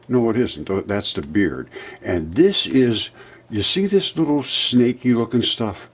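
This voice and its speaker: A man in his seventies narrating over a map, insistent, rebutting doubters and jumping up in pitch when pointing things out. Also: expressive, measured pace, breathy edge. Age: 70s. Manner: insistent, rebutting imagined objections. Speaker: presenter of a fringe geology channel.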